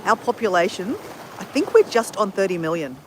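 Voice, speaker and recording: A woman's voice: medium pitch, lively intonation, fairly quick, noisy background. A woman from Australia with an Australian accent, chatting casually and upbeat on a live stream from a beach, greeting viewers by name. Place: outdoors at a beach at sunrise.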